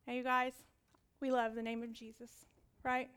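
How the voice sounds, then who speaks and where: A woman preaching with a high, bright voice. She tells her stories in an animated way, acting out other people's voices. Loud commands alternate with hushed, whispered asides. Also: normal speed, clean tone. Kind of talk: sermon.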